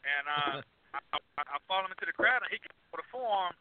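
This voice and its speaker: High-voiced man on a tinny phone line. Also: fast, no room sound. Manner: animated storyteller, laughs, stumbling restarts. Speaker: wrestler, guest. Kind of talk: casual storytelling interview.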